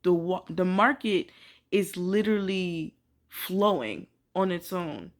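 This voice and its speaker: A young woman ranting casually to camera, filling her talk with "like" and swearing, swinging from quiet musing to loud disbelief. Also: fairly low pitch, slow pace. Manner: emphatic, swears, many filler "like"s. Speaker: vlogger.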